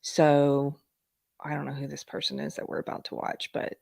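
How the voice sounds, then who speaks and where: A woman's voice: sits low, monotone, normal speed, gravelly, dark tone, no echo, studio quality. A middle-aged woman hosting a live-stream talk show, chatty, with sly asides and frequent laughter. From United States. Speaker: host.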